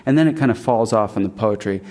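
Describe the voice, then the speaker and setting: A man giving a public talk on language and literary tradition, thoughtful and halting, with fillers and restarts, and reciting Middle English verse aloud. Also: fairly low pitch, a little mellow. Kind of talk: public lecture.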